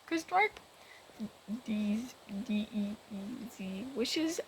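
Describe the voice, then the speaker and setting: A woman with a medium-pitched voice speaks slowly and animatedly on a rough recording with a little hiss or hum. As a gaming vlogger, she retells a game story casually, rambling and exasperated, restarting often.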